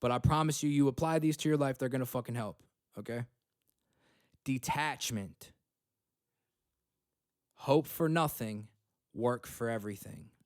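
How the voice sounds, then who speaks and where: A man's voice: medium pitch, a little slow, long pauses, dry recording, studio quality. A young man hosting a self-help podcast from home, blunt and profane, checking in often with "okay?" and "right?". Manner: blunt, swears freely, repeats points with "okay?" and "right?". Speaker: podcast host. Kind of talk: motivational self-help talk.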